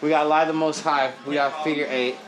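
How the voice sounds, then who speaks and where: A man's voice: a little high, level tone, fairly quick, over music. A man from Oregon, a rapper, chatting casually and animatedly with slang and frequent laughs in a lounge bar. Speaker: rapper guest. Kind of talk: casual chat.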